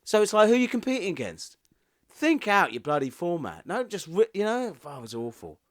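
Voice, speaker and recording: Animated, ranting podcast co-host. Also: male voice, high voice, brisk, dry recording, studio quality. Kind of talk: casual chat.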